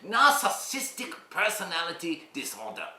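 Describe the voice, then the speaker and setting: Man playing a bright, lilting, pompous analyst; roomy echo, faint guitar behind. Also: a little high, huge pitch swings, moderate pace, a little hiss or hum, heavily acted. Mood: self-satisfied. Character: smug male psychoanalyst, self-important. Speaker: psychoanalyst. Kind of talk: mockumentary interview acting.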